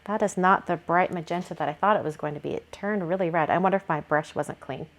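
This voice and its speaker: A woman's voice: on the low side, fast, a little hiss or hum. A woman hosting a card-making video, talking casually through her painting steps and thinking aloud with frequent fillers. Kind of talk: casual craft tutorial narration.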